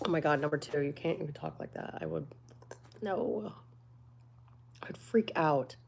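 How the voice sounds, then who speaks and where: Chatty woman with a gravelly, low voice. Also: measured pace, noisy background. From United States. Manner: chatty, candid, laughs often. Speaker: livestream host. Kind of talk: casual livestream chat.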